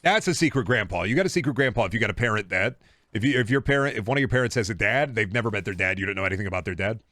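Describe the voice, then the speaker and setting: A man's voice: lowish voice, animated, rapid-fire, fairly bright tone, no echo. A young man with a Midwestern American accent, streaming a game and chatting casually with his chat in a rambling way. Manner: rambling, reading and answering chat.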